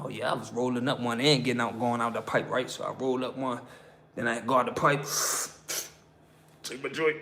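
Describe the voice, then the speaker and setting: A man's voice: mid-range voice, a little fast, sharp tone. A man with an American accent telling a prison story in casual slang, acting out the voices of the people he quotes. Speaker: prison story channel host.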